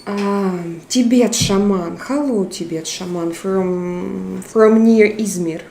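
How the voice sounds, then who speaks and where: A woman hosting a live stream, chatting casually and reading viewer comments aloud in a halting, chatty way. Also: medium pitch, gravelly, a little mellow, slight background noise. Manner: halting, chatty, laughs often. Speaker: livestream host. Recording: roomy echo.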